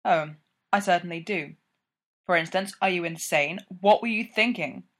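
A woman's voice: on the low side, fairly quick, lightly acted. A woman voicing a stern, dry-humoured male police inspector with a clipped, firm delivery. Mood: exasperated.

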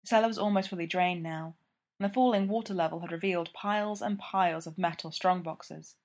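Woman narrator, calm and even, reading fiction aloud. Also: lowish voice, brisk. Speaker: audiobook reader.

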